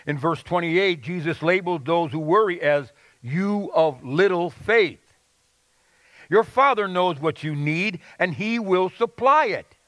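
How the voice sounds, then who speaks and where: Male pastor, high voice, dry close sound, earnest sermon with folksy stories. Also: fairly bright tone, no room sound. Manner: earnest preaching with folksy anecdotes and call-and-response.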